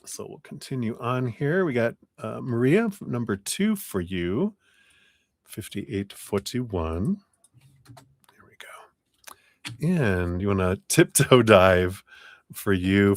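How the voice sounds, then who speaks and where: Chatty low-voiced male tarot reader. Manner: chatty, laughs often, loose and rambling. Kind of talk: live-stream tarot reading. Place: home room with air conditioner.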